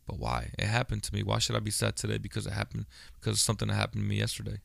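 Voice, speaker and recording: A man's voice: lowish voice, rapid-fire, creaky, no echo, studio quality. A young adult man hosting a podcast, talking in a blunt, profane, rambling monologue full of restarts. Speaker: podcast host. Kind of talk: casual monologue.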